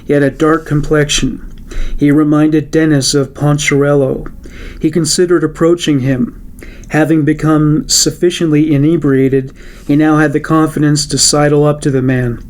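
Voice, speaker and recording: Man narrating true crime, measured. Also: on the high side, level tone.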